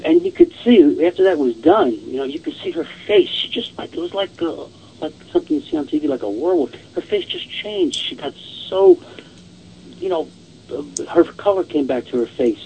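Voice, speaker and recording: A man's voice: fairly high pitch, huge pitch swings, normal speed, creaky, slightly rough, dull audio. A man casually telling a long ghost story, rambling and repeating "I says" and "she goes".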